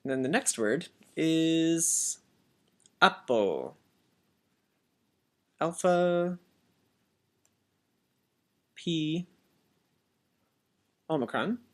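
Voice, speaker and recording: Slow, patient man teaching a lesson. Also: a little high, expressive, darkish tone. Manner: patient, repeats words for learners to echo. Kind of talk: slow classroom language lesson.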